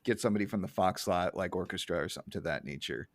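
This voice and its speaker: A man co-hosting a podcast in casual chat, relaxed and halting, with many fillers and restarts. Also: low voice. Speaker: podcast co-host.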